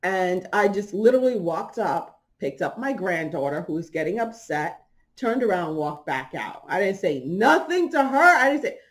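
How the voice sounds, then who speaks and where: A woman's voice: mid-range voice, big pitch swings, normal speed. A middle-aged woman hosting a podcast, telling a personal story in a casual way. She laughs often and acts out the people she quotes. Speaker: podcast host.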